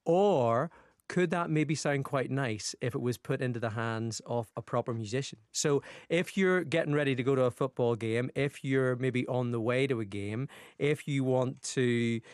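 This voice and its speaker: A man's voice: medium pitch, normal speed, smooth, no room sound. A Northern Irish man presenting on the radio in casual studio chat, jokey and self-mocking.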